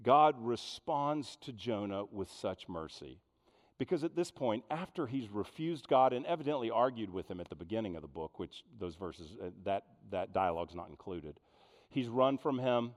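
Animated preacher with lively pitch. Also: male voice, moderate pace, big-room sound. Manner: animated, fond of rhetorical questions. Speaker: pastor. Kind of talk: sermon.

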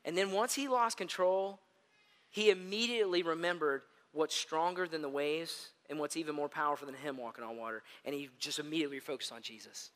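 High bright-voiced man preaching. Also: a little fast, big-room sound. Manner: animated storyteller, addresses listeners as gang. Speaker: pastor. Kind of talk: sermon.

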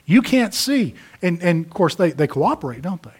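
Man preaching, husky voice, fairly high pitch, dramatic rises and drops. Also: sing-song, normal speed, hardly any pauses, darkish tone. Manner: dramatic preaching, rising to emphatic peaks and dropping low. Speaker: pastor. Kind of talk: sermon.

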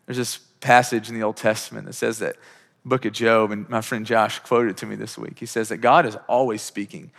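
A man's voice: lowish voice, flat delivery, brisk, gravelly, fairly bright tone. A man in his thirties preaching a sermon as pastor, emphatic and full of rhetorical questions. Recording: long hall reverb.

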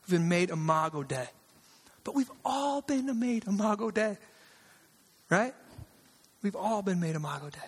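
With a high-sitting voice and a breathy edge, the male pastor delivers his sermon unhurriedly, leaving long pauses between lively, intonated phrases. He stays conversational yet emphatic, repeating lines for weight and slipping in sarcasm, with a long hall reverb around him.

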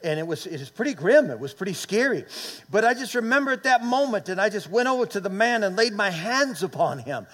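A man's voice: sits high, big pitch swings, fairly quick, a bit bright. A man in his late fifties or older preaching a sermon, telling a personal story and calling on the congregation to respond. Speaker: pastor.

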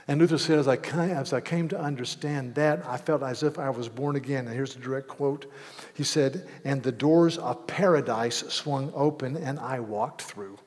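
Man, pastor, sermon, earnest, emphatic bursts, long hall reverb. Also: medium pitch.

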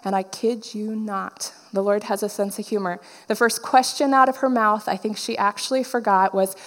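A woman's voice: mid-range voice, steady tone, moderate pace, few pauses. Woman preaching in an echoing hall. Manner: storytelling, acting out quoted dialogue. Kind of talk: personal testimony sermon.

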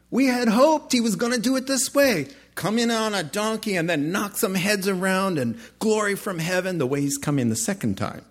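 A middle-aged man preaching a sermon as pastor, lively and humorous, with playful asides and quick self-corrections. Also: sits high.

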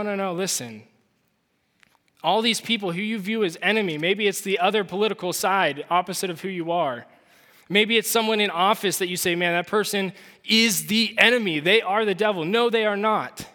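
Earnest high-voiced male preacher in a reverberant hall. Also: pushed and bright. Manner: earnest, conversational, with restarts and rhetorical "right?". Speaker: pastor. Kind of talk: sermon.

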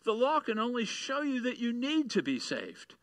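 A man's voice: very high-pitched, wildly swooping pitch, normal speed, fairly bright tone, no room sound, low-quality recording. A man preaching a sermon, reading scripture and building to taunting, emphatic peaks. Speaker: pastor.

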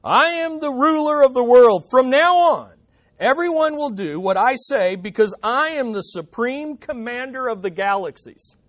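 A preacher doing a shouting madman who thinks he rules the universe. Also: extremely high pitch, animated, measured pace, pitched above the performer's own voice, full character voice. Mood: grandiose. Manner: shouting grandly. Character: raving male mental patient claiming to rule the universe.

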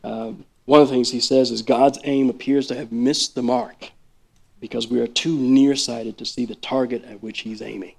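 A man preaching a sermon in a conversational, animated way, full of asides and acted-out quotes. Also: normal speed, gravelly. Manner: acts out quoted speech with big pitch jumps. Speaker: worship leader preaching.

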